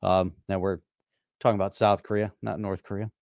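A man's voice: low voice, level tone, a little fast, vocal fry, a little mellow, dry recording, clean studio sound. A man from the United States co-hosting a live podcast stream, easygoing and often laughing. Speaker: podcast co-host. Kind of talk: casual live-stream chat.

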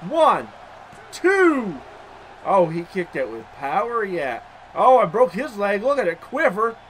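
A young man hosting a gaming channel, giving excitable let's-play commentary with loud outbursts and mild swearing. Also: sits high, normal speed, slight background noise.

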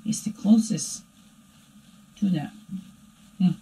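A woman voicing her own playful alter-ego dark side, giving a rambling, chatty spiritual reading that keeps asking "right?". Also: fairly low pitch, slow, poor audio. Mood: musing. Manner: rambling and chatty, tagging "right?" onto lines. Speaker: spiritual reader. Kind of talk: spiritual daily energy reading.

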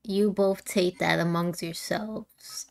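A woman's voice: lowish voice, fairly even intonation, takes it slowly, vocal fry, a little mellow. A woman streaming a video game, chatting in a giggly way and thinking aloud as she plays. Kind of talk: casual let's-play commentary.

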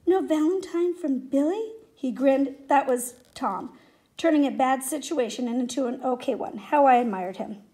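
Woman, high voice, reading a children's story aloud, expressive storytelling. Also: moderate pace. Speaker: reader.

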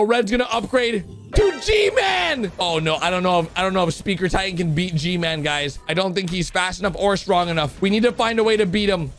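A man giving excited commentary over animations, swinging from loud shouts to low mutters. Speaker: YouTube commentator.

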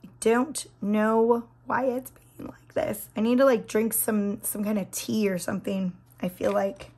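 A woman in her thirties with a hoarse, scratchy voice that drops into whispers, chatting and gushing while doing her nails. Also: mid-range voice, steady tone, unhurried, a little mellow. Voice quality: breaks into whispers. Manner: chatty, gushing, many fillers. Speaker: nail vlogger. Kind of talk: casual chat while doing a manicure.

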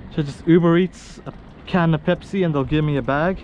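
Young man from Australia, fishing vlogger, slightly high voice, slangy and excitable, faint outdoor hum behind. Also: brisk. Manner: excitable, slangy, laughs often. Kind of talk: casual outdoor vlog commentary. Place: outdoors on a rock wall by the sea.

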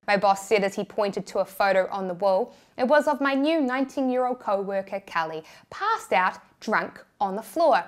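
A woman's voice: medium pitch, lively intonation, moderate pace, few pauses. A young woman with a New Zealand accent narrating a personal story with candid, self-deprecating humor.

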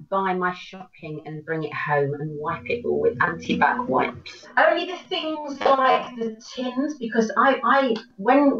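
A middle-aged woman, an actor, telling stories in an animated way over a video call. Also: medium pitch. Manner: animated storytelling, laughs often. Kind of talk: casual chat. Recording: echoey distant dull call audio.

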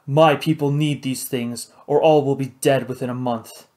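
A man voicing a cold, proud ex-soldier hijacker in an audiobook, speaking low, clipped and hissing. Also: fairly even intonation, normal speed, warm tone, close to an everyday voice. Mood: grave. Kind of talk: audiobook character voice.

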